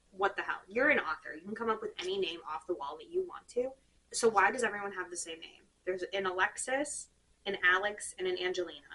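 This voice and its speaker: A woman's voice: fairly low pitch, far from the mic, rough recording. Sarcastic young woman ranting about books. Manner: animated, sarcastic, rambling with frequent "like". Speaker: book reviewer. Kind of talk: casual rant.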